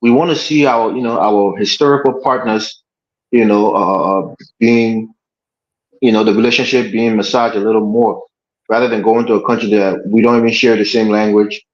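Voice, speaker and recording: A man hosting a political panel discussion, making his case in a measured, argumentative way. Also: fairly low pitch, steady tone. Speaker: panel host. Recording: echoey room, dull lo-fi audio.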